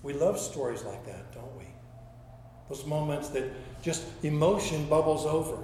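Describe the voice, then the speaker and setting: A man's voice: a little high, expressive, moderate pace, a little mellow, slight background noise. A man preaching a sermon as a pastor, telling stories and acting out quoted speech, often repeating words as he goes. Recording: echoey room sound.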